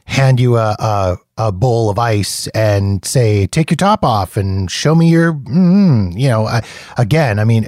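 A man hosting a podcast, introducing guests and chatting in a relaxed, conversational way. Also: mid-range voice, dry recording, studio quality. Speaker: podcast host.

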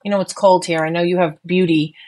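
A woman's voice: fairly low pitch, steady tone, quick pace, a little mellow. A middle-aged woman from Boston with a Boston accent, co-hosting a casual podcast chat in a chatty, self-deprecating way with lots of restarts. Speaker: co-host.

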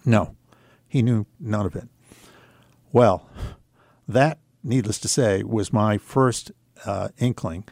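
A man with a fairly low voice tells a personal story as a radio show guest. He talks in an earnest, reflective way, unhurried, with the odd filler. His voice comes across close and dry, with no room sound. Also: vocal fry, a little mellow, no echo.

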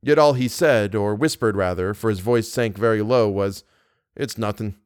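A man reading a horror story aloud in a measured, grave way. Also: lowish voice, no room sound, clean studio sound. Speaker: podcast narrator. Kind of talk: scripted narration of a horror story.

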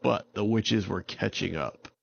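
A man telling a children's story in a relaxed, unhurried way, with small restarts. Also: on the low side, vocal fry, muffled recording, a little hiss or hum. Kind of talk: improvised bedtime storytelling.

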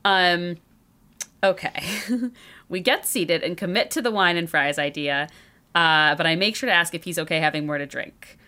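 Bright-voiced chatty woman storyteller. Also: lowish voice, moderate pace. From Chicago. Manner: chatty, lots of "like" fillers and laughter. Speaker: podcast host telling a dating story. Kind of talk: casual storytelling chat.

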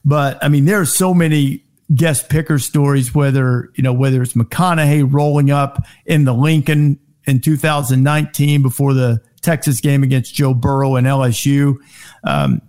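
A middle-aged man telling sports TV anecdotes in casual chat, acting out quoted lines in a raised voice. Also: moderate pace. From Alabama. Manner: animated anecdotes, acts out quotes in high voices. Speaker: guest, sports TV host. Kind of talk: casual storytelling.

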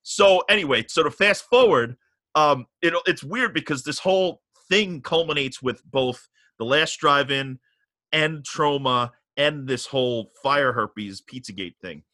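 A middle-aged man casually telling a long story on a podcast, animated and profane, getting riled up as he goes. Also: fairly high pitch, measured pace, no echo.

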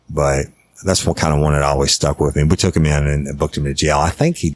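A man's voice: extremely low pitch, fairly even intonation, fairly quick, slight background noise. A middle-aged man telling a true-crime case in a blunt, profane, plain-spoken way as a podcast host. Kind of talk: casual true-crime storytelling.

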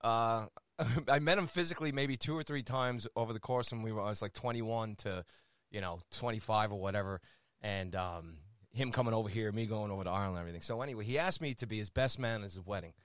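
A man hosting a casual chat, playful and quick to tease and laugh. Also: fairly low pitch, fairly bright tone, no room sound, studio quality. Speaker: podcast host.

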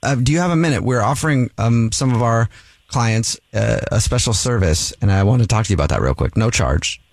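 Male radio host, mid pitch, dry studio sound, playful prank caller. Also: animated, brisk, no echo. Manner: playful, poses as gym staff. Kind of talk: prank phone call on radio.

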